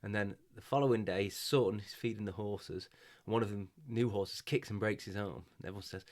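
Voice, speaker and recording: Male podcast host, low voice, thoughtful, stumbles over his words. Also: fairly even intonation, fairly quick, few pauses. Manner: hesitant, self-deprecating, reflective. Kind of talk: casual podcast chat.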